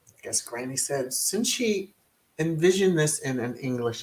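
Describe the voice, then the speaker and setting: A woman's voice: rumbling low, animated, unhurried, darkish tone. A woman hosting casual live-stream commentary, answering chat in a sassy manner with chuckles and many hums and mm-hmms. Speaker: host of a royal commentary channel.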